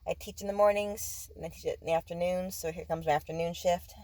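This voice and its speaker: A woman's voice: fairly low pitch, steady tone, fast, a little mellow, low-quality recording. A woman in her twenties, a teacher, chatting candidly in a casual vlog and sounding tired, with lots of fillers. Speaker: vlogger and teacher.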